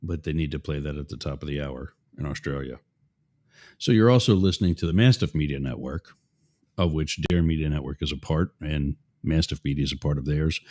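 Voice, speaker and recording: A man's voice: a bass voice, a little mellow. A man hosting a show, giving opinionated political commentary in a rambling, digressive way with asides to his listeners. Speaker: show host.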